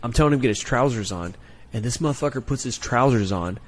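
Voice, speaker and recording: Profane, animated man telling stories. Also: mid-range voice, fast talker. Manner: profane, animated storyteller, peppers talk with "right?". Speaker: guest, Marine gunnery sergeant and former recruiter. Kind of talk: casual podcast storytelling.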